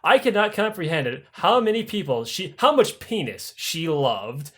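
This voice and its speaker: A man's voice: fairly high pitch, normal speed. A young man hosting a podcast, telling history as profane comedy and swearing constantly. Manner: animated, swears constantly, acts out voices mid-story. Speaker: podcast host.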